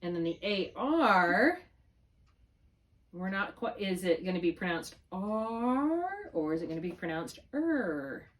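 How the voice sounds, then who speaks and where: A woman's voice: medium pitch, very animated, takes it slowly. A middle-aged woman tutoring a student in spelling, patient and encouraging, drawing out syllables to model them. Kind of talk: one-on-one spelling lesson.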